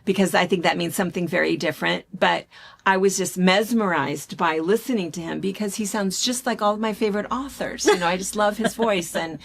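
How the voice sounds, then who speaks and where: A woman from the United States co-hosting a casual chat show, telling stories in an animated, chatty way. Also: mid-range voice, fairly quick, vocal fry, breathy edge. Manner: chatty, animated storytelling with laughs. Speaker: co-host.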